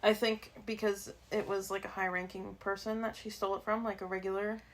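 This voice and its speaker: Relaxed woman podcast co-host. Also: mid-range voice, fairly quick. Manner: relaxed, rambling recounting. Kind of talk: casual storytelling chat.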